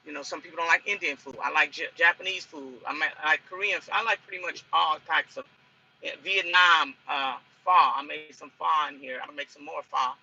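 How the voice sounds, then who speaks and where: A woman's voice: sits low, fairly quick, bright, forceful tone, breathy edge, lo-fi sound. A woman truck driver chatting in a casual cooking vlog from inside her truck cab. She rambles and repeats herself as she talks.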